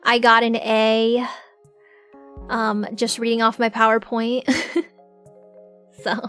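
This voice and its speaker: A woman's voice: a little high, little pitch movement, slow, a bit bright, faint music behind. A young adult woman chatting casually to her live-stream audience, giggling often and filling her talk with "like". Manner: chatty, giggly, full of filler "like"s.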